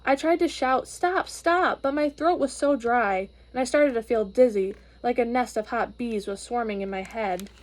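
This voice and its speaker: A woman reading a storybook aloud to children, expressive and gently explaining. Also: a little high, normal speed, hardly any pauses.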